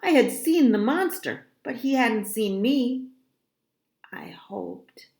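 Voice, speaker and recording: A woman reading a children's novel aloud in a dramatic, expressive storytelling manner. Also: a little high, a little slow. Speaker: reader of a children's book. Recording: roomy echo.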